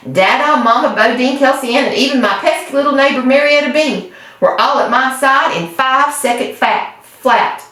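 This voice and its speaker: A woman reading a children's storybook aloud in a folksy, lively storytelling manner. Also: sits high, normal speed. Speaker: storybook reader. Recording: echoey room, distant mic.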